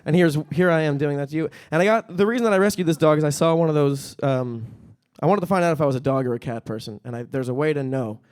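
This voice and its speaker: A young man performing a stand-up comedy set on stage, talking in a deadpan way and breaking into high-pitched panicky voices for punchlines. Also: fast talker, few pauses, clean tone. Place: comedy stage at a live-streamed event.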